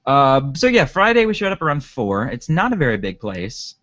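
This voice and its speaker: A man's voice: mid-range voice, big pitch swings, normal speed, a bit bright, no room sound, dull audio. A man co-hosting a podcast in casual chat, rambling with lots of fillers and laughs. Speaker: podcast co-host.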